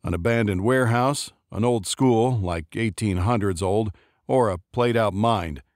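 A brisk, capable woman talking on the phone, as a male narrator puts her on. She lays out the facts plainly and adds a warning. The voice stays low and dry. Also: a little mellow, no room sound, lightly acted.

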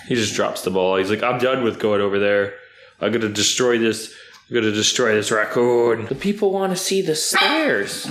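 A man chatting casually on camera while playing with his puppy, playful, often jumping up into high baby-talk at the dog. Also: wildly swooping pitch, normal speed, sharp tone, a little hiss or hum. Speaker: YouTuber filming his dog. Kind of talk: casual vlog chat with a puppy.

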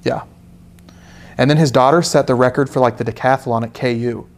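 Man, young adult, painting teacher, casual live chat, jokey asides, average pitch. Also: fairly quick. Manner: relaxed, joking, chatty asides. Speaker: art instructor hosting a live painting stream.

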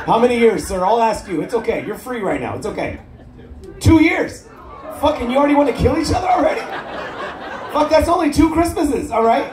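High-pitched male comic working the crowd, profane and giggly; live echoey room with a roaring audience. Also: animated, fairly quick, long pauses, background noise. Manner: profane, teasing, laughing at his own jokes. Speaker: stand-up comedian. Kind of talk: crowd-work stand-up. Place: cruise ship comedy club.

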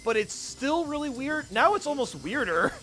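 An excitable young man talks through a video game with a high, bouncy voice that leaps all over the place. His tone is bright and sharp, and he breaks into yelps and laughs at the screen. Faint game music plays behind him. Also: moderate pace. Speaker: gaming YouTuber. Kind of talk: casual let's play commentary.

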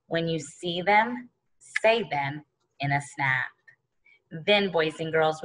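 A woman's voice: deep voice, pushed and bright, rough recording. A woman teaching an early-grade phonics lesson, patiently sounding out words letter by letter and speaking to the children as boys and girls.

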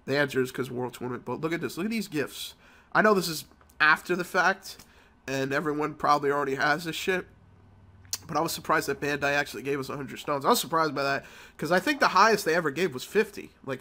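Male gaming vlogger with a cold, loose profane storyteller, tense bright tone. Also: a little high. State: sick with a cold. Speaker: mobile game channel host. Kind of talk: casual gameplay commentary.

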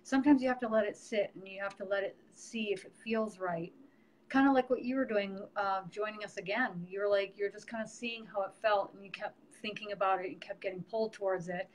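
A woman's voice: medium pitch, a little fast, rough recording. A middle-aged woman, a medium, hosting a casual live stream and chatting about her work with many fillers. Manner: chatty, warm teaching with frequent fillers. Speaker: medium and host.

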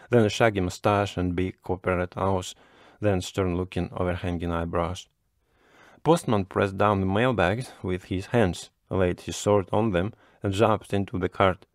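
Male storybook narrator, low, measured and unhurried, dry close sound. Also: no room sound.

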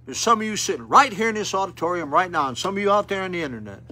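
A man's voice: high-pitched, animated, rapid-fire, pushed and bright. An older man preaching a sermon at a rescue mission, plain-spoken and folksy with fervent appeals, in an auditorium.

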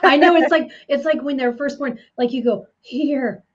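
A woman's voice: high-pitched, fairly quick. A woman co-hosting a talk show, laughing often and chiming in with playful remarks. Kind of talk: casual chat. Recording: dull lo-fi audio.

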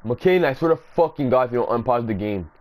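A man's voice: medium pitch, expressive, quick pace, darkish tone. A young man playing a video game, cursing and taunting his opponent nonstop. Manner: profane, furious, taunting. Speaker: gamer. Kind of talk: live gameplay trash talk.

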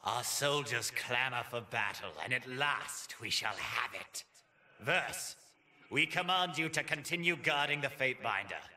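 Lofty sneering masked spymaster guy, really bright tone, lively. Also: medium pitch, measured pace. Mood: mocking haughty. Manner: mocking, lofty, speaks of himself as "we". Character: masked male spymaster, mocking and haughty.

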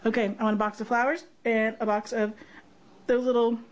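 A woman's voice: fairly high pitch, little pitch movement, fairly quick, lo-fi sound. A woman vlogger unboxing a gift box, gushing and gasping with delight. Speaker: craft vlogger. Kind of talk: unboxing vlog.

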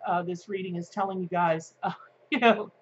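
A woman giving a daily tarot card reading to her viewers, chatty and excitable, with plenty of fillers. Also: fairly low pitch, normal speed, highs cut off, a little hiss or hum. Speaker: tarot reader.

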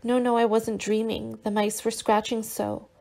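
Woman doing a frail scared young girl in a sickbed, faint and weak, bit of vocal fry. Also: on the high side, level tone, moderate pace, darkish tone. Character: frail, frightened young woman recovering from illness.

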